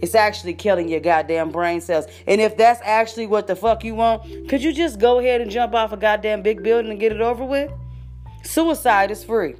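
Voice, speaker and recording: A woman's voice: medium pitch, a little fast, darkish tone, soft background music. A woman delivering a profane, confrontational rant straight at her listeners, swearing constantly and dropping fancy vocabulary words. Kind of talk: profane ranting monologue.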